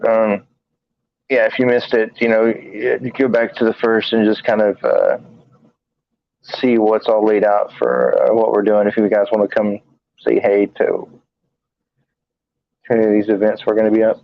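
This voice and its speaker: A low-voiced man chats through a live stream in a flat, sleepy monotone, stumbling over fillers and restarting his sentences. The audio is dry and dull, like a lo-fi stream. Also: gravelly, no room sound. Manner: halting, many fillers and restarts; monotone, tired from little sleep. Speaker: paranormal investigator and show co-host. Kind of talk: casual live-stream chat.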